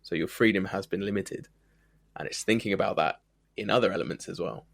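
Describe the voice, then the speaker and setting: Low-voiced man explaining ideas. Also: fairly quick, gravelly, husky, no echo. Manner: thoughtful, explanatory, builds points with examples. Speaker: podcast co-host. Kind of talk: reflective podcast conversation.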